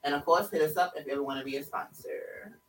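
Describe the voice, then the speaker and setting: A woman hosting a podcast in casual chat, loud and excitable, swearing freely. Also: low-pitched, fast, distant mic, low-quality recording. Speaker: podcast host.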